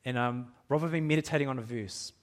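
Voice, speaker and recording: A middle-aged man preaching to his congregation in a church hall. His pitch sits at an ordinary middle level, and he talks in a candid, self-deprecating way. He chuckles at his own admissions and stumbles through restarts as he goes. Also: fast talker. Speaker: pastor. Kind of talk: sermon.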